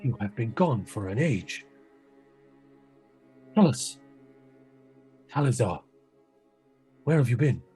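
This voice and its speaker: A man's voice: mid-range voice, sing-song, dark tone, slightly rough, faint music behind, heavily acted. A man playing a solemn, formal guard. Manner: formal, measured speech. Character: solemn male guard of a great hall.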